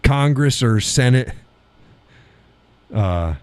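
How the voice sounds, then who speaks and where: A middle-aged man hosts a live stream, reads out viewer comments and spins stories full of profanity and laughter. His pitch swings widely as he tells them. The sound is dry and close, with no room around it. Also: drawn-out words, clear, resonant tone, dry recording. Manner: profane, laughs often, animated storytelling. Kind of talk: casual chat reading viewer comments.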